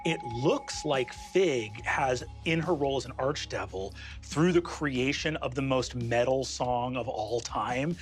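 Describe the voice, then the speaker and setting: A man's voice: mid-range voice, measured pace, hardly any pauses, soft background music. A man narrating as game master of a tabletop game, with vivid, descriptive storytelling.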